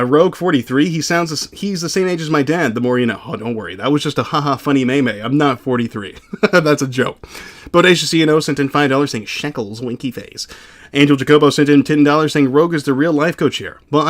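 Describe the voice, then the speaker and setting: A man's voice: on the high side, fast talker. A young adult man reading out viewer donations on a livestream in a casual, blunt, profane way.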